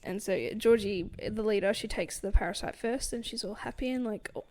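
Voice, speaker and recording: A woman's voice: medium pitch, fairly quick, darkish tone. A young woman co-hosting a book podcast, recapping a novel in casual chat with lots of fillers and frequent laughs. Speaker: podcast co-host.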